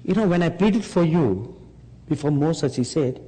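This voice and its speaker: A man preaching a sermon, speaking slowly and emphatically and rising on rhetorical questions to his listeners. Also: on the high side, animated, dark tone, husky. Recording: long hall reverb.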